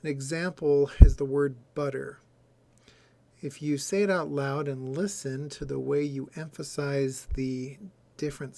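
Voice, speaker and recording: Male lecturer, very slow unhurried delivery, deliberate, sounds out example words. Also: mid-range voice, gravelly, darkish tone. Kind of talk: recorded lecture.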